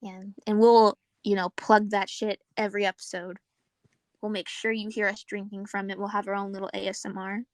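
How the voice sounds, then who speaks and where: A woman's voice: medium pitch, brisk, dry recording. Young woman, podcast co-host, casual swearing chatter, laughs a lot, dry close sound. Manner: laughing, swearing, animated storytelling. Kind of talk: casual chat.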